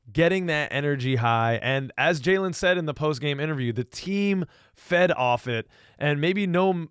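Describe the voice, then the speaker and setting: A man co-hosting a casual sports podcast, talking as an enthusiastic, excited fan. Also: a little high, clean tone, no room sound, studio quality. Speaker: podcast co-host.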